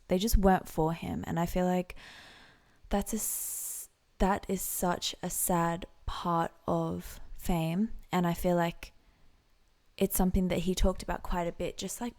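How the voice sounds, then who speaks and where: A woman giving casual, reflective reaction commentary on a song, soft-spoken and sometimes slipping into whispered asides. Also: fairly low pitch, vocal fry. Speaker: music reaction vlogger and singer.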